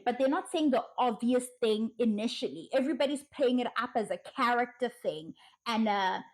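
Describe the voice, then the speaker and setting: A woman giving blunt, profane commentary, ranting emphatically and mocking others in put-on soft voices. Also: on the high side, low-quality recording. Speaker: social commentary vlogger.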